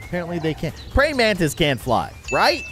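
A man giving excitable, jokey commentary while playing a video game. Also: on the high side, moderate pace. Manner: excitable, jokey, yelps and laughs at the action. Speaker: gaming YouTuber.

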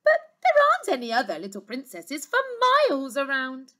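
A woman's voice: high voice, wildly swooping pitch, moderate pace, fairly bright tone, voice pushed up, full character voice. A woman voicing a dramatic, fussing queen who gasps and exclaims theatrically in a storybook reading.

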